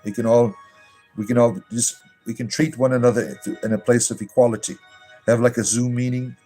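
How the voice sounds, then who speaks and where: A man's voice: mid-range voice, fairly even intonation, a little fast, dark tone, faint music behind, rough recording. A clergyman hosting a live stream, talking to his viewers in an effusive, mock-sincere way and laughing often. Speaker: livestream host and clergyman.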